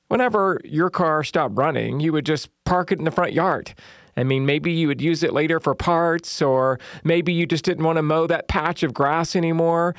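A middle-aged man preaches a sermon, telling funny stories from his small-town life before turning to faith. His voice sits a little high for a man, and the sound is dry and close with no room around it. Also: normal speed, no echo. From Southern United States. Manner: humorous storytelling, lively quoted voices. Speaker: pastor.

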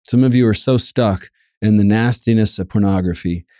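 Male preacher, low and mellow, earnest and emphatic sermon delivery. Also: normal speed, no echo, studio quality. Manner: earnest, emphatic, repeats key lines; reads scripture aloud.

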